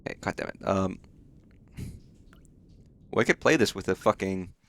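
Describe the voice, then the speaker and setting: A man's voice: low-pitched, a little slow, a bit bright. A man streaming a game live, chatting casually in a rambling way, swearing often and full of fillers. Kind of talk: casual live gameplay chat.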